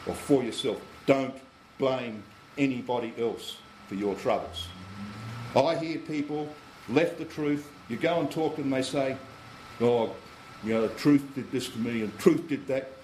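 A man with a mid-range, darkish voice preaches a sermon, working through scripture step by step in a teaching manner. He poses rhetorical questions to the congregation, and the echoey room carries a faint air conditioning hum.

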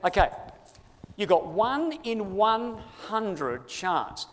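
Australian guy, slightly higher voice, jokey crowd-work speaker, long hall echo. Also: very animated, very slow, a bit bright, slight background noise. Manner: playful, teasing banter with the audience. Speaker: speaker giving a presentation. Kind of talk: lively audience-participation talk. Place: large hall before a live audience.

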